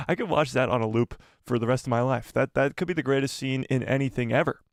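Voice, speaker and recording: A man hosting a casual live stream, talking in an excitable, exclamatory way and reading viewer donations. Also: medium pitch, brisk, no echo, studio quality.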